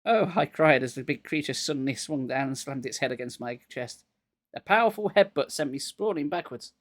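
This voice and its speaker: A man's voice: mid-range voice, brisk, fairly bright tone, dry recording. A man getting over a cold, reading a children's horror book aloud live and dropping wry jokes between passages.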